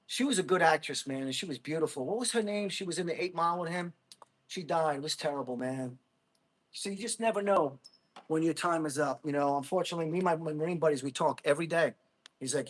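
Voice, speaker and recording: On a livestream, a Jersey City Marine veteran in his thirties talks fast in a voice on the high side. He chats casually and excitably with viewers, rambling, laughing often, and talking to the chat.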